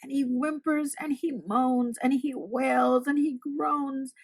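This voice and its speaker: A woman teacher reading a children's picture book aloud in an expressive storytelling manner. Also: sits high, takes it slowly, gravelly.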